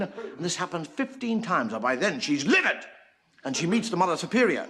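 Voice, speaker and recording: Wry, swooping stand-up comedian. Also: male voice, fairly high pitch, big pitch swings, brisk, bright, forceful tone. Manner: wry, storytelling, swooping delivery. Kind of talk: stand-up monologue.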